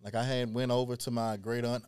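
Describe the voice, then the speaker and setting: Man from Louisiana, guest historian, resonant clear voice, earnest animated storytelling. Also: mid-range voice, a little fast. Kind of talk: casual interview storytelling.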